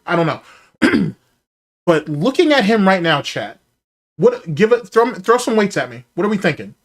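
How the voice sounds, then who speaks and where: A man hosts a casual livestream and ribs the clips he plays. His pitch swings widely as he teases and scoffs. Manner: mocking, sarcastic, reacting to clips. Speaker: podcast host.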